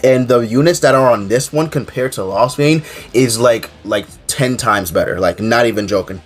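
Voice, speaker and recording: A man with a mid-range voice, congested and stuffy from a cold, chats casually about a mobile game. He rambles with lots of fillers and keeps circling back to "to be honest". Quiet music plays faintly underneath. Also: mid-range voice, normal speed. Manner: rambling, filler-heavy, often says "to be honest". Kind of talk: casual gaming commentary.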